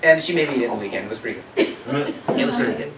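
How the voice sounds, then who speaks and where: A man giving a health workshop, talking lively and asking the audience questions. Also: mid-range voice, rapid-fire, background noise. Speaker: workshop presenter. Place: workshop room. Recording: echoey room, distant mic.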